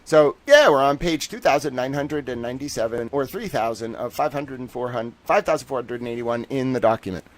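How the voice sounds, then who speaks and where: A man's voice: medium pitch, fairly quick, hardly any pauses, no echo. A man hosting a casual livestream, rambling and joking and laughing often, from the northern United States. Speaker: livestream host.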